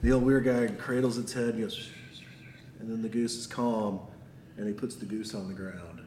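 A man running a tabletop game as game master, playful and quick to laugh. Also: fairly low pitch, steady tone, dark tone. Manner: laughs often, loose and playful. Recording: echoey room with long reverb, faint background noise.

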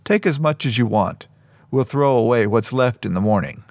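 A man reading aloud plays a friendly camp cook in an audiobook, inviting and encouraging. His voice sits in a middle pitch, close and dry. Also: animated, moderate pace, no room sound, natural voice.

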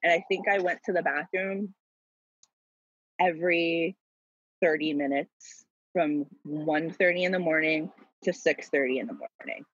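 A young woman telling a personal story in an animated, dramatic way, laughing often. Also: sits low, measured pace, breathy edge, no echo, highs cut off. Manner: lively, laughing, dramatic retelling.

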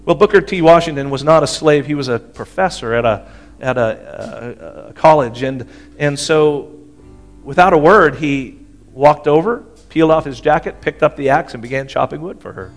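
With soft background music behind him, a male pastor speaks at a moderate pace in a fairly high voice. His sermon is conversational, and he keeps checking in with the congregation to ask for their agreement.

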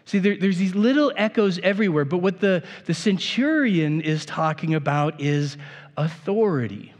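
Man, pastor, conversational sermon, frequent restarts, somewhat high voice, long reverb of a church hall. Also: normal speed.

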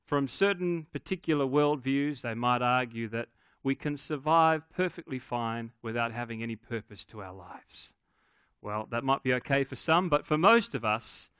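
A man preaching a sermon in an earnest, emphatic way, with dramatic pauses on key words. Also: on the high side, fairly bright tone, clean tone, no echo, studio quality. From Scottish ancestry on father's side. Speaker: pastor.

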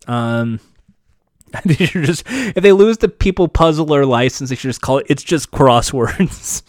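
A man's voice: medium pitch, smooth, dry recording. A man hosting a podcast in casual chat, candid and sarcastic, swearing freely. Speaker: podcast host.

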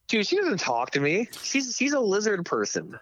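A young man in casual chat, telling stories in a profane, animated way. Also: sits high, normal speed. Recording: dull lo-fi dry sound.

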